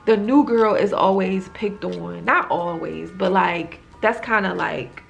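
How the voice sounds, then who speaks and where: A woman's voice: fairly low pitch, a little slow, creaky, faint music behind. A woman casually recapping a TV episode, retelling scenes in a loose, chatty way full of "like" fillers. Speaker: TV recap reviewer.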